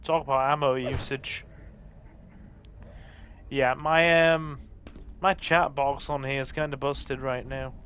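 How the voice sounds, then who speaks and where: A man's voice: medium pitch, steady tone, slow, pauses often, fairly bright tone, slight background noise. A man from northern England hosting a live gameplay stream, chatting with viewers and reacting to the game as he plays. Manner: chatty, reads and answers viewer chat while playing. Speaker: livestream host.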